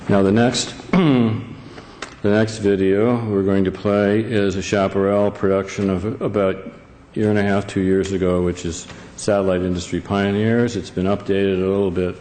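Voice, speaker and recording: A man's voice: on the low side, little pitch movement, normal speed, a little mellow, a little hiss or hum. A man presenting to a live audience, talking with many fillers and restarts. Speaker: event presenter. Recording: echoey hall, faint ambience.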